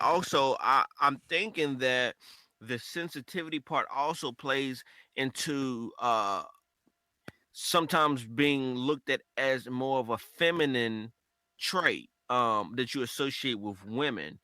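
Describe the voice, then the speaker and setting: A man co-hosting a casual podcast chat, talking in an animated way and acting out quoted conversations. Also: medium pitch, unhurried, dry recording. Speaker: podcast co-host.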